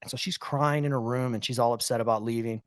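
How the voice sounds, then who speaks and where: A man in casual podcast storytelling mode, candid and conversational, with a steady mid-pitched voice. He sounds close to the microphone in a dry, dead space with no room sound. He talks easily and plainly, as if chatting with friends. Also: fast talker, no echo. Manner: candid, conversational, peppered with "dude". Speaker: podcast co-host.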